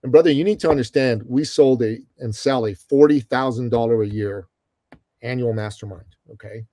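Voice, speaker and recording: Middle-aged guy from iran spinning a story, keeps saying brother, warm low tone. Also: moderate pace, dry recording. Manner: animated storyteller, calls host brother. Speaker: guest. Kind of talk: storytelling interview.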